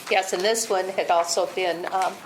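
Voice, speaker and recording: A woman on a public board's staff reading through a case report at a meeting, steady and procedural, saying she is losing her voice. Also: fairly low pitch, moderate pace, background noise. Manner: steady, procedural, with fillers and restarts. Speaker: board staff presenting cases.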